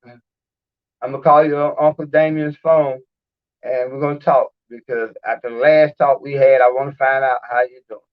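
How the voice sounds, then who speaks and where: A man's voice: medium pitch, steady tone, moderate pace. A man hosting his own video, talking in a rambling, heartfelt, informal way. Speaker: video host. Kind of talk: casual live-stream talk. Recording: dull lo-fi recording.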